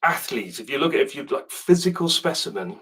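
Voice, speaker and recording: A man's voice: medium pitch, very animated, fairly quick, fairly bright tone, slightly rough, distant mic. Chatty man with a southern English accent. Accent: British, southern English. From South Africa. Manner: chatty and rambling, with asides and restarts. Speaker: rugby video host answering viewer questions. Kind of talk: casual chat to camera.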